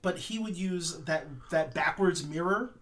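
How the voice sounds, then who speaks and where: A man's voice: fairly high pitch, unhurried, a bit bright. A man co-hosting a podcast, trading wry, crude jokes in casual chat. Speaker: podcast co-host.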